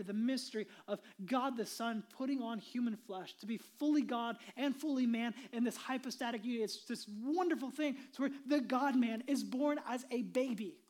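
A woman pastor preaching a sermon in an earnest way, moving between emphatic and hushed delivery and sometimes dropping to a whisper. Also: a little high.

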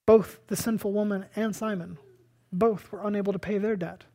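Emphatic preacher swinging hushed to loud. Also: medium pitch, steady tone, moderate pace. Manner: asks and answers rhetorical questions. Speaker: pastor. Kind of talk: sermon.

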